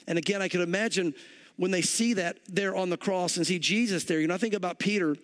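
A pastor preaching a verse-by-verse sermon, telling the story in a conversational way and often saying "you know". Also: male voice, high voice, fairly quick.

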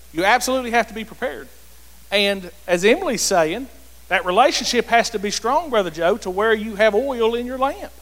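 A man's voice: high-pitched, a bit bright. A man leading a church Bible study in a preaching style, emphatic and repetitive, calling on listeners by name. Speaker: pastor leading a group discussion. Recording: reverberant hall.

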